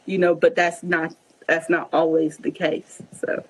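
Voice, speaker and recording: A woman's voice: low-pitched, measured pace, slightly rough, low-quality recording. A woman vlogger answering viewer questions in a casual Q&A, telling a personal story and acting out the dialogue as she goes. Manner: animated, acts out quoted dialogue.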